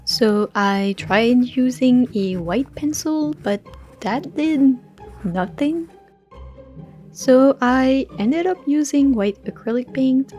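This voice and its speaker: A woman narrating a craft tutorial in a relaxed voice-over, with dry, understated humor. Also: fairly high pitch. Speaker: crafting channel host.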